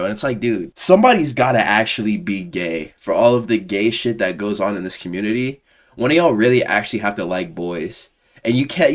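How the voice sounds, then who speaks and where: A man giving casual, profane, exasperated commentary on a combat sports fan community, full of slang. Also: fairly low pitch. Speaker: MMA commentary YouTuber.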